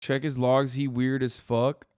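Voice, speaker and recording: A man's voice: medium pitch, little pitch movement, a little slow, darkish tone, clean tone, no echo, clean studio sound. A man in his thirties, a live streamer, ranting sarcastically with heavy swearing in casual commentary.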